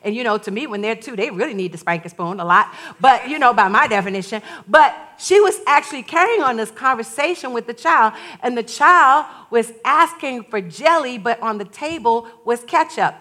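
An older woman and grandmother preaching a sermon, telling stories in a lively way and laughing often. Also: on the high side, moderate pace, few pauses. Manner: storytelling, animated, laughs often.

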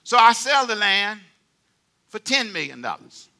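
A man preaching a sermon as pastor, playful and animated, drawing the congregation into call-and-response. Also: high voice, measured pace, vocal fry.

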